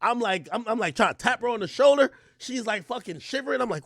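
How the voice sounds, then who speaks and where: A young man on a livestream, spinning a raunchy story with a lot of energy. His voice sits high for a man and jumps all over the place, dropping to mutters and then spiking into yelps. The sound is close and dry, with no room around it. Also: fast talker, hardly any pauses, no echo. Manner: animated, profane, swings between mumbling and yelling. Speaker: streamer.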